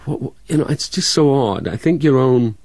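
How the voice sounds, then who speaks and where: A man's voice: medium pitch, animated, creaky, darkish tone, dry recording, clean studio sound. A man from Scotland, an actor, with a hybrid Scottish, English and American accent, chatting in an interview and restarting his sentences often. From Scotland, Dundee. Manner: halting, many restarts and fillers. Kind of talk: casual interview chat.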